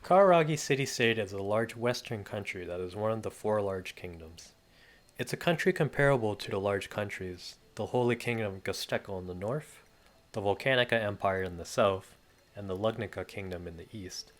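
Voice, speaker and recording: A man's voice: fairly low pitch, animated, brisk. A man reading a translated novel aloud as an amateur reader, plainly and a little hesitantly.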